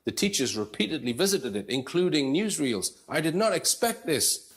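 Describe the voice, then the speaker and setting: A man narrating a commentary video in a conversational way, reading out passages and adding asides to the viewer. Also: mid-range voice. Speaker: video presenter. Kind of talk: commentary voice-over.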